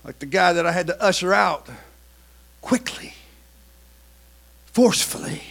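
A man preaching a sermon, swinging between quiet, confiding talk and loud, shouted preaching. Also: sits high, fast, creaky.

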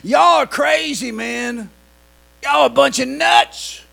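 A man voicing scornful male onlookers jeering from atop a city wall, loud and mocking. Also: extremely high pitch, slow, gravelly, voice pushed up, exaggerated voice.

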